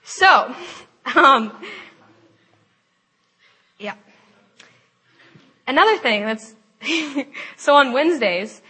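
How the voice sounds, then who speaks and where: A young woman gives a personal faith testimony in a chatty, animated way. Her voice is bright and sits a little high. She laughs often and fills her talk with "like". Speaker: speaker at a Christian gathering.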